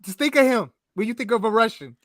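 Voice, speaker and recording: A man's voice: extremely high pitch, expressive, quick pace, no room sound. A man co-hosting a casual podcast, blunt and slangy, making emphatic points. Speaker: podcast co-host.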